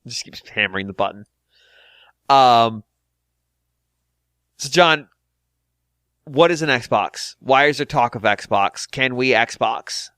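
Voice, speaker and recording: A man hosting a podcast, chatting casually with quick jokes and asides. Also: mid-range voice, clean tone, no echo, studio quality. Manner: animated, jokey, quick asides and impressions. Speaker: podcast host. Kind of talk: casual comedic podcast chat.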